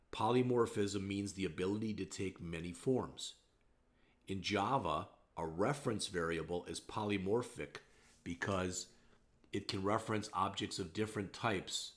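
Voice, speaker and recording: A man teaching programming in a casual, conversational recorded slide lecture, often checking in with "all right?". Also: low-pitched. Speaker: programming instructor.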